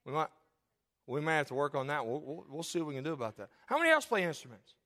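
A high-pitched man preaches to his congregation in a church, teasing people by name and laughing along with them. He often falls to a hushed, earnest delivery when he turns to the spiritual point. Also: very animated, fast. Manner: joking, calls on congregation by name; drops to soft earnest tone. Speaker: pastor. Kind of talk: sermon. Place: church sanctuary.

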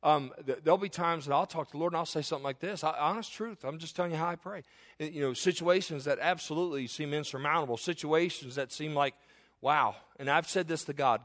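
A middle-aged man preaching from the pulpit, telling a story from his own life. His voice sits a little high for a man and he is earnest, swinging between loud emphatic declarations and quiet, hushed passages. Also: fast. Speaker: pastor. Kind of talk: sermon with personal story.

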